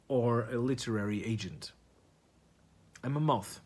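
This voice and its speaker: Husky man rambling comic monologue. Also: mid-range voice, slow pace, long pauses, a little mellow. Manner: meandering, profane and absurd. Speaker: comedian vlogger.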